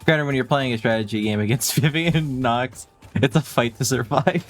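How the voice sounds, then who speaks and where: A male streamer chatting casually while he plays a game live. His voice sits at an ordinary middle pitch, and he keeps a playful, self-mocking tone with frequent laughs. Faint music plays quietly underneath. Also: moderate pace. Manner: playful, laughs often, jokey and self-deprecating.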